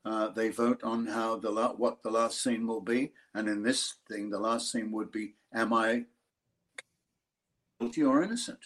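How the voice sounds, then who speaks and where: An older Australian actor telling a lively story in an interview, acting out other people's voices. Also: male voice, on the low side, measured pace. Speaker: actor guest. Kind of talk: interview anecdote.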